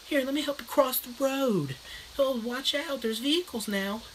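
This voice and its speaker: A man's voice: extremely high pitch, moderate pace, a little hiss or hum, pitched above the performer's own voice, poor audio. A man putting on a raised voice to play bratty kids mocking someone with fake politeness. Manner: sarcastic, mock-polite taunting. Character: bratty, mocking young trick-or-treat kids. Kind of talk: comic impression in a book review.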